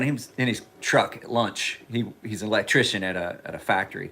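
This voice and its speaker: A man's voice: on the low side, fairly quick, few pauses, sharp tone. A man casually chatting on a livestream from his home kitchen, rambling and joking as he talks. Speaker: knife sharpener and livestream host.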